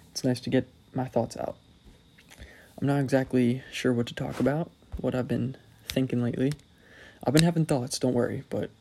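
A young man talks through a loose solo podcast, wandering from thought to thought and poking fun at himself with a dry, wry edge. His mid-pitched voice carries a gravelly fry. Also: mellow, a little hiss or hum. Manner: rambling, self-deprecating, wry. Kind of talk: casual solo podcast monologue.

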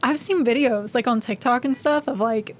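A woman with a fairly high voice, speaking as a podcast guest. She talks in a bubbly, casual way, laughing often. Her speech is full of "like" and quick asides. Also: slight background noise. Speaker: guest drummer. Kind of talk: casual chat.

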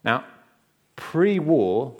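A man's voice: medium pitch, big pitch swings, drawn-out words, a little mellow, husky, highs cut off. A man preaching a sermon, telling a history story with chatty, joking asides to the congregation.

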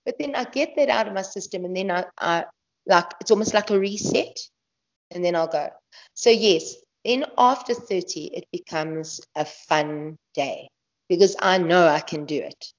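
A woman with a lowish voice speaks at a moderate pace as a guest ultramarathon runner in a casual interview about her running. She is chatty, laughs often and restarts sentences, and the podcast audio is dull and lo-fi.

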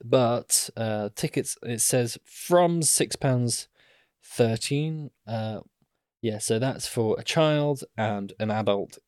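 A man's voice: medium pitch, takes it slowly, darkish tone, clear, resonant tone, no room sound, clean studio sound. A man co-hosting a podcast, chatting casually in a rambling, self-deprecating way. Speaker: podcast co-host.

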